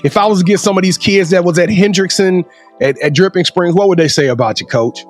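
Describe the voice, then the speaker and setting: A man hosting an interview, playful and lively, with slang like "y'all". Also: high-pitched, quick pace, soft background music. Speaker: interview host. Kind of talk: casual interview chat.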